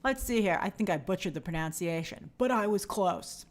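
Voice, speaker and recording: A woman's voice: on the low side, lively intonation, normal speed. A woman hosting a livestream, chatting casually and reading viewer comments aloud in an upbeat way. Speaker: host reading live chat.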